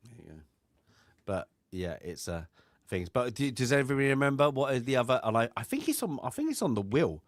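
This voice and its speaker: A man's voice: medium pitch, sing-song, fairly quick, no room sound, studio quality. A man co-hosting a film review chat, talking in a rambling way with many fillers and restarts. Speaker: film club co-host.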